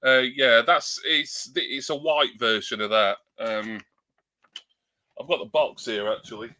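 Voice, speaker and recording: A man's voice: medium pitch, measured pace, pushed and bright. A man at home, chatting casually on a live stream and testing a new desktop USB microphone, rambling and self-deprecating with many ums. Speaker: livestreamer. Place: at home at a computer.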